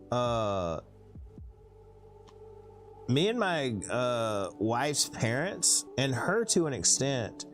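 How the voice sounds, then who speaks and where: A man with a thick Southern US accent chatting casually with viewers on a live stream, laid-back and rambling. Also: mid-range voice.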